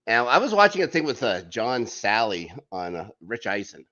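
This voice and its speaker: Rambling man with a low, dull-sounding voice. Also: big pitch swings, normal speed, pushed and bright. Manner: rambling, trails off with "stuff like that". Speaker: podcast co-host. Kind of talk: casual TV review chat.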